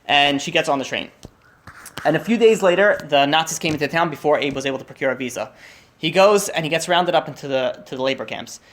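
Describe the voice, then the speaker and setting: A man's voice: fairly high pitch, fairly bright tone, slight background noise. A young man telling a long story to a group at a holiday meal, in a casual way with frequent restarts and fillers. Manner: rushed, restarts often, many fillers.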